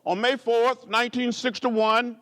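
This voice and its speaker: A man's voice: flat delivery, measured pace, a bit bright. A man, giving an award speech that moves from story to stirring oratory with repeated, rising phrases. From rural Alabama. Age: 70s. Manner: preacher-like cadence with rising repeated phrases and big pitch swings. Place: indoor gala event.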